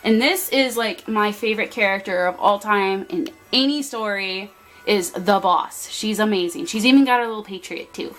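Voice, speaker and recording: A young woman giving a rambling, excitable tour of her art desk at home, talking into a handheld camera. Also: mid-range voice, poor audio. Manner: chatty, rambling, excitable, many fillers. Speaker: artist showing her workspace. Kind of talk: casual vlog tour. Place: home desk area, indoors.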